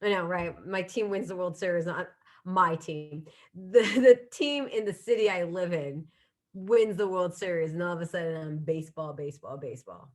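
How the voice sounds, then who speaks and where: At a moderate pace, a woman in her thirties speaks in a fairly low, darkish voice. She hosts a solo streaming comedy show from a home room with a bookshelf, keeping it casual and laughing at her own jokes.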